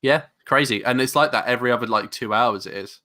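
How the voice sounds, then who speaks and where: A man with a London accent, co-hosting a casual podcast chat, animated and rambling with many restarts. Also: medium pitch, quick pace. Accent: London English. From England. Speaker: podcast co-host.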